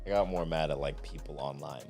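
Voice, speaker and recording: A young man on a podcast, talking in casual chat and acting out lines in lively bursts. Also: very deep voice, a little fast, vocal fry, soft background music.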